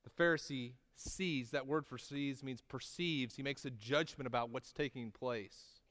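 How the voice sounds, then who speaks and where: A man preaching a sermon, telling the story with rising intensity at dramatic moments and slowing to stress key words, often asking his listeners "right?". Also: mid-range voice, fairly bright tone, big-room sound. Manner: conversational with tag questions and restarts. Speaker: pastor.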